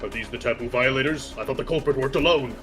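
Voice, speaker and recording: A man reading the lines of a dutiful corporate fixer in a brisk, official, matter-of-fact way. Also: mid-range voice, over music, natural voice.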